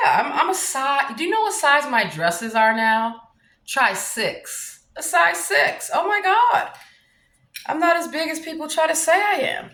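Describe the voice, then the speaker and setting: A brash woman with a Southern US accent delivers a profane, combative rant to camera. Her fairly high voice swoops up and down as she talks. The room around her rings with echo. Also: fairly bright tone. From New Orleans, USA. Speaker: vlogger. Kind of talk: ranting monologue to camera. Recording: roomy echo.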